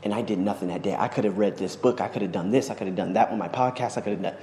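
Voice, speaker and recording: Excitable man in a roomy echo. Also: fairly low pitch, very fast, a little hiss or hum. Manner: effusive, exclamatory, restless. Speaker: podcast host. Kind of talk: excited vlog monologue. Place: living in Bangkok. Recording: roomy echo with long reverb.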